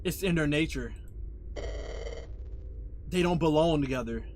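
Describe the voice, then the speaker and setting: A young man streaming a game from his room on a headset mic, chatting in slangy casual commentary and yelling loudly at the scares. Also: on the high side, measured pace, a little hiss or hum. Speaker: gaming streamer. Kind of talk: casual live gameplay commentary.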